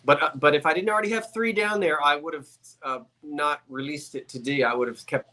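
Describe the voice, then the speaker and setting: Male co-seller, slightly high voice, playful chatty live-sale pitch. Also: brisk, sharp tone. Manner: chatty, joking sales patter.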